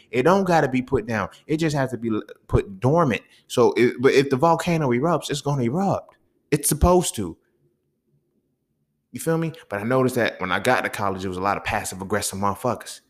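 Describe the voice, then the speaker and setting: A man's voice: medium pitch, animated, fast talker. A man hosting a podcast, ranting heatedly in a casual monologue full of profanity and street slang. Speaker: podcast host.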